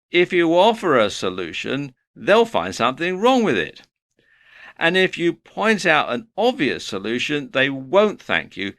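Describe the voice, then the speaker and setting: A man's voice: mid-range voice, pushed and bright, no room sound, clean studio sound. A man giving a motivational lecture, earnest and advice-giving, working through his points one by one. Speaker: online course instructor.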